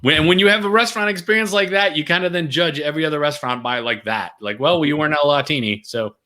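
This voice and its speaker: Bright-voiced man telling a lively story. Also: fairly high pitch, fast. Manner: animated, acts out quotes in funny voices. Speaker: podcast guest. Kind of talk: casual storytelling.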